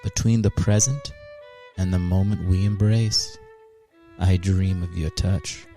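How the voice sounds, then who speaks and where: A man's voice: low-pitched, fairly even intonation, slow, dark tone, soft background music, pitched below the performer's own voice. A man voicing a grandiose, lovelorn old-time male quarterback who speaks in flowery, archaic, melodramatic phrases, as a comedy bit.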